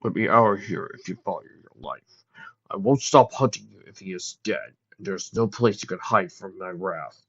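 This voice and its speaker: A man voicing a vengeful male pony prisoner in a low, threatening manner. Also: normal speed, a bit bright, husky, lo-fi sound, exaggerated voice.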